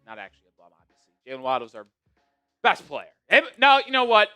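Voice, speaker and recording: New york guy hosting a sports stream, bright crisp voice, music going behind. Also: high voice, fast. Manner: excitable, swings from mumbling to shouting. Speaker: sports show host. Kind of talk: live sports stream chat.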